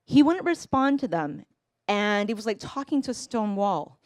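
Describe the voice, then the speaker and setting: A woman's voice: medium pitch, big pitch swings, normal speed, darkish tone, no echo. A woman in her forties telling a personal family story, earnest and reflective, acting out bits of dialogue.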